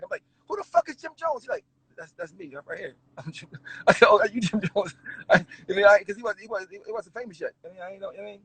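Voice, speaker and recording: His voice sits high and sounds husky. A rapper in a casual interview, he tells stories with animated energy, dropping swear words and laughing as he goes, all on a low-quality recording.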